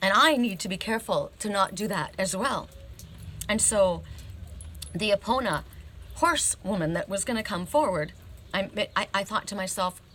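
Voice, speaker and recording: A woman's voice: medium pitch, lively intonation, normal speed, fairly bright tone, slight background noise. A woman reading oracle cards, telling a personal story in a chatty, emphatic way and often checking in with "right?". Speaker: oracle card reader.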